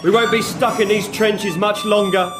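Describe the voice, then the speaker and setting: An actor playing a chirpy First World War corporal in a radio sketch comedy, telling anecdotes in a chatty, music-hall way. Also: male voice, high-pitched, steady tone, moderate pace, natural voice. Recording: live audience laughing, noisy.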